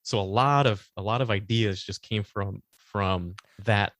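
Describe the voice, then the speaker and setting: A man's voice: on the low side, a little slow, a bit bright, no echo, studio quality. A man co-hosting a podcast, talking casually and rambling, often stopping to search for words and laughing along. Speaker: podcast co-host. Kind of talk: casual chat.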